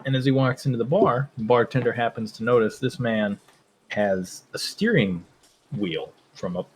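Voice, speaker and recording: A man's voice: medium pitch, normal speed, slight background noise, rough recording. Man telling jokes on a podcast. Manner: laughing storyteller telling a groaner joke. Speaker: podcast co-host. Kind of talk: casual chat.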